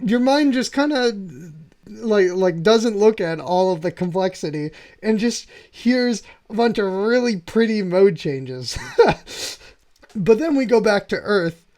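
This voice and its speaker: A man's voice: high-pitched, lively intonation, slow, darkish tone. A man hosting a piano channel, walking through music theory with enthusiasm and often checking in with "right?". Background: faint piano playing.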